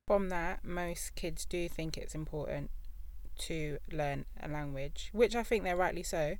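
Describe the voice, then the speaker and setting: A woman's voice: deep voice, a little slow. A woman co-hosting a casual podcast, telling stories with animation and acting out what others said. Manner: animated storytelling, acts out quoted voices. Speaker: podcast co-host. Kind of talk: casual chat.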